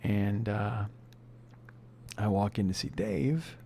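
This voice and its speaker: A man's voice: fairly low pitch, slow pace, gravelly, mellow, slight background noise. A man from Chicago hosting a podcast, telling a rambling, profane, self-deprecating story in a casual way. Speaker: podcast host.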